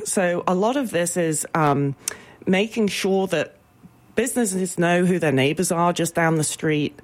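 A woman talking as a guest about her business association's events, upbeat and full of ums. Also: deep voice. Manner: chatty, many ums, upbeat promotional. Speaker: business improvement association representative. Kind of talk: radio interview guest.

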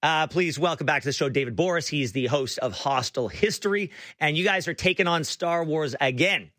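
A man hosting a radio talk show, chatting excitedly with frequent stumbling restarts. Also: a little high, a little fast, no echo, clean studio sound. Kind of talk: casual radio chat.

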